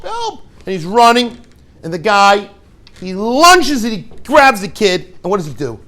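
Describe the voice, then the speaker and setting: A man teaching his students through an animated story, his voice swinging widely and sitting fairly high. He acts out the scenes and slips in joking asides as he goes. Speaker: rabbi and yeshiva head.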